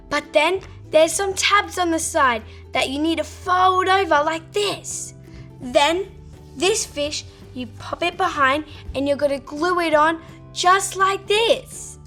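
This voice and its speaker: A woman hosting a children's show, excitable and gasping with wonder. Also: very high-pitched. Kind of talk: upbeat kids' presenting.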